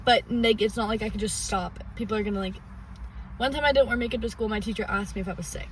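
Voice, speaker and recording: A woman's voice: mid-range voice, fast talker. A teenage girl co-hosting a podcast, rambling casually with many "like" fillers. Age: teens. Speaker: podcast co-host. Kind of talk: casual chat. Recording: distant mic with faint noise.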